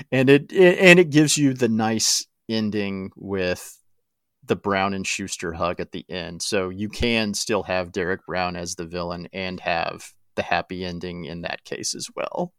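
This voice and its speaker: A man's voice: deep voice, measured pace, fairly bright tone, clear, resonant tone, dry recording, clean studio sound. A man co-hosting a sports podcast in casual chat, playful and speculative, often laughing at his own ideas. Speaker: podcast co-host.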